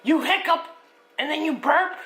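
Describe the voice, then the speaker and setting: A woman doing a cheeky teasing pig puppet. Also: sits high. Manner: teasing, jokey, slow drawl. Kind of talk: puppet show for kids. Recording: echoey room with loud noise.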